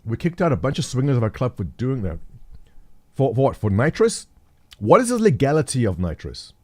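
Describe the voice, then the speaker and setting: A man's voice: mid-range voice, big pitch swings, a little fast. A middle-aged man hosting a live stream, chatting casually and jokily with viewers, thinking aloud and reading the chat. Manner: rambling, jokey, thinks aloud, reads chat. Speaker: livestream host.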